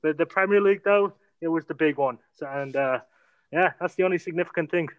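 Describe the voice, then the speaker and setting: A man's voice: fairly high pitch, fast, narrow, tinny audio. A man chatting casually about football, swearing and laughing as he talks.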